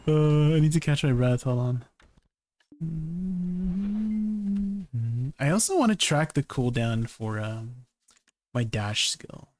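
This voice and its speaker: A man's voice: mid-range voice, moderate pace, darkish tone. A man streaming a game, chatting casually and answering questions from chat. He often ends his sentences with "right?". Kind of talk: casual livestream chat while gaming.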